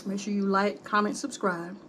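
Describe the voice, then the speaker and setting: A woman's voice: medium pitch, flat delivery, normal speed, a bit bright, a little hiss or hum. A woman vlogging a mukbang in a casual, chatty way, calling her viewers "honey" and "y'all" between bites. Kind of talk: casual chat while eating.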